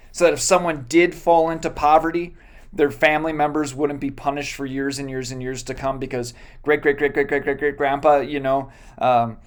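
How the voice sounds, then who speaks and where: A pastor giving a sermon, retelling a Bible story in a casual, joking way with many fillers and self-corrections. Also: mid-range voice.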